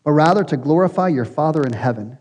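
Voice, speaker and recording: A man voicing a calm teacher who sends a reassuring message. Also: fairly high pitch, fast talker, voice pushed down, lightly acted. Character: calm, reassuring male teacher sending word. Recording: long hall reverb.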